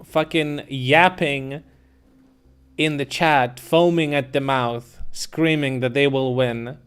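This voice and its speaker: A man's voice: medium pitch, fairly even intonation, takes it slowly, fairly bright tone, clear, resonant tone. A man streaming live, answering chat comments in a blunt, mocking, incredulous way with plenty of swearing.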